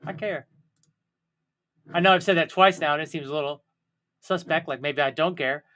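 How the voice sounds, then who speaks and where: A man's voice: a little high, normal speed, bright, forceful tone. Rambling, self-mocking man on a livestream. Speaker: livestream host. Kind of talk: casual solo livestream chat.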